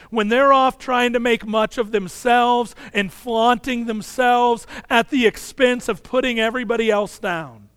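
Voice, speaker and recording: A man in his thirties, a pastor preaching a sermon in an earnest way, dropping soft and low on key phrases. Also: clean tone, dry recording.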